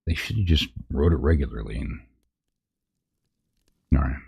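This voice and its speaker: A man's voice: very deep voice, animated, moderate pace, gravelly, a little mellow, slightly rough. A man reading a parody fantasy story aloud on a live stream, chatting with viewers and laughing at his own slips.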